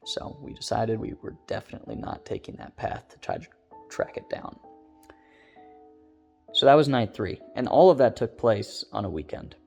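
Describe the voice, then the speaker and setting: A man recounts a spooky personal story in a loose, casual ramble, leaning on filler words. His voice sits low and has a gravelly fry to it. Soft guitar music plays faintly underneath. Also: expressive, moderate pace.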